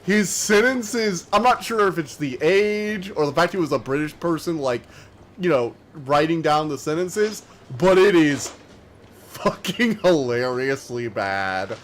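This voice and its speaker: A man streaming a game, chatting casually and rambling, talking fast and slurring his words together. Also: a little high, animated, slight background noise. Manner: chatty and rambling, many fillers. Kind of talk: casual live-stream chat while gaming.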